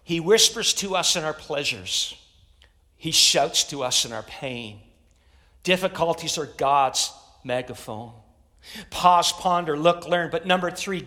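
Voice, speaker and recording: A man's voice: a little high, animated, measured pace, sharp tone. A middle-aged man preaching a sermon as pastor, emphatic, repeating phrases and rallying his congregation. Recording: long reverb of a large hall.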